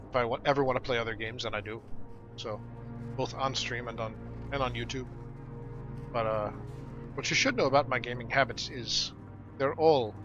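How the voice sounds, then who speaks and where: A man's voice: medium pitch, dull audio. A man hosting a gaming video, chatting casually and rambling as he plays. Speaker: gaming video host and streamer. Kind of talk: casual gameplay commentary. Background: game music.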